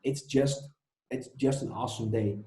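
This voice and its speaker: Dutch guy on a podcast, relaxed and laughing, dark mellow voice, sounds roomy and echoey. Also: medium pitch, normal speed. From Netherlands. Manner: relaxed, laughs easily, repeats words. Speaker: podcast guest. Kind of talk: casual chat. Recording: echoey room.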